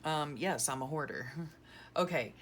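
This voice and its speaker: Low, slow-talking gushing woman. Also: slight background noise. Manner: gushing, sentimental, rambling. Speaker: crafting vlogger. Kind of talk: casual chat while decluttering.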